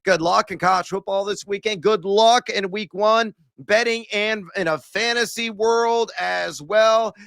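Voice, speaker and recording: A middle-aged man co-hosting a sports betting podcast, energetic and jokey, breaking into shouts. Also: high-pitched, measured pace, vocal fry, few pauses, no room sound. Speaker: podcast co-host.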